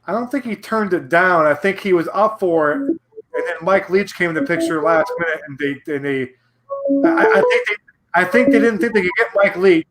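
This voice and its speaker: A man's voice: sits high, lively intonation, moderate pace, loud music behind the voice. A man co-hosting a casual sports podcast, rambling and restarting his sentences. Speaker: podcast co-host.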